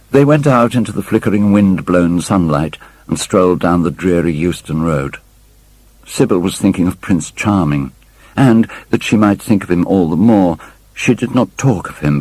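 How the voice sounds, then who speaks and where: A man reading an audiobook aloud, narrating in a measured, literary storytelling manner. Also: sits low, a little mellow, husky, poor audio. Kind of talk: scripted narration.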